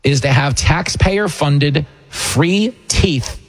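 Sarcastic middle-aged radio host, husky. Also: male voice, a little high, extremely slow. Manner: sarcastic, mocking, puts on voices for effect. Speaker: radio talk show host and comedian. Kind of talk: opinionated political talk radio monologue.

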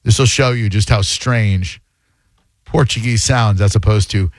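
A man's voice: on the low side, unhurried, no room sound. A man hosting a call-in radio talk show, riffing in loose, slangy banter. The sound is close and dry, with no room around it. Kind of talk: casual call-in radio chat.

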